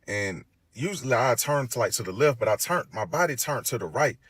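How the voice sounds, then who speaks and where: A man's voice: medium pitch, fairly quick, breathy edge. A man telling a personal story in casual talk, loose and full of fillers, acting out the voices and sounds as he goes. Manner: animated, acts out quoted voices and sounds.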